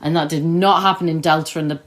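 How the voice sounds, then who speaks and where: A woman co-hosting a chat podcast, reviewing a TV episode and acting out scenes in quick put-on voices. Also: low voice, fairly even intonation. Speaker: podcast co-host. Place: recorded together in the same room.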